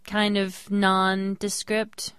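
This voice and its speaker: A young woman, a mother, co-hosting a casual podcast and telling a story with lively voice changes. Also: very slow, smooth, dry recording, clean studio sound. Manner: animated storyteller, jumps into high voices when quoting people. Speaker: podcast co-host. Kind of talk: casual chat.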